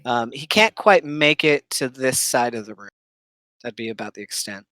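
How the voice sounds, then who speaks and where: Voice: mid-range voice, expressive, normal speed, fairly bright tone, no room sound. A game master running a tabletop game, patiently checking rules aloud between bits of narration.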